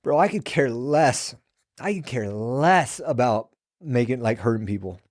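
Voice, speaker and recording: Profane ex-prison sergeant telling stories. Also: male voice, medium pitch, lively intonation, a little slow, a little mellow, dry recording, studio quality. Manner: loose and profane, acts out quoted dialogue. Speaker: former prison sergeant, podcast guest. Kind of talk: casual storytelling conversation.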